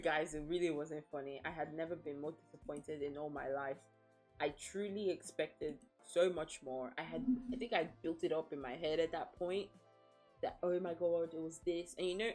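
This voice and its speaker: A woman's voice: low-pitched, a little mellow, breathy edge. A woman streaming as a VTuber, chatting casually in a blunt, profane, playfully dramatic way and laughing often. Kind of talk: casual livestream chat.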